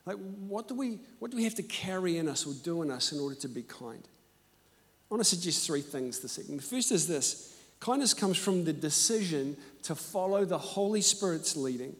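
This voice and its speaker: A man preaching a sermon and telling personal stories, animated and emphatic, moving between loud and hushed. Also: fairly high pitch, moderate pace. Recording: echoey hall.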